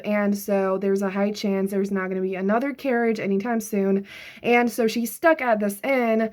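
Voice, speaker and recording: Young woman vlogger, relaxed and chatty, talks reading with frequent fillers. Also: medium pitch. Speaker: book vlogger. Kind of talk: casual chat.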